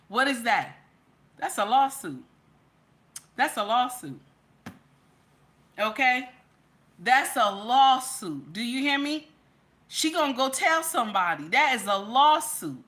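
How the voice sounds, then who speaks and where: Bright, emphatic woman commentator. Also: fairly high pitch, animated, unhurried, pauses often. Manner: chatty and emphatic, keeps repeating "okay?"; addresses viewers directly as "baby" and "y'all". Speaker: social media commentator. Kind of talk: casual live commentary.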